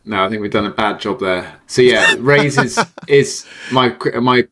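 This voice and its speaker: A middle-aged man chatting as a podcast guest, animated and quick to laugh, often repeating words as he restarts. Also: mid-range voice, noisy background. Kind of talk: casual interview chat.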